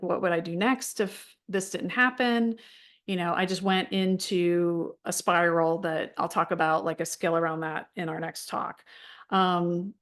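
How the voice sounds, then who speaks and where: A middle-aged woman leading a wellness support group, talking casually and frankly with many fillers and restarts. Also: fairly low pitch. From United States.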